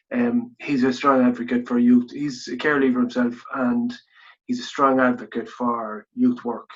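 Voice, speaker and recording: Irish co-host with a Kildare accent, mid-pitched, rambling and chatty, muffled lo-fi podcast audio. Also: male voice. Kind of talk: casual podcast chat and interviewing.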